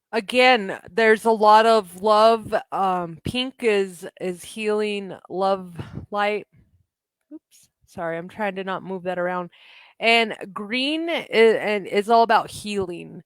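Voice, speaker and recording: A woman's voice: medium pitch, slow pace, no room sound. A woman giving a live spiritual reading as an angel healer, chatty and encouraging, often laughing. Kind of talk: live-stream spiritual message, casual.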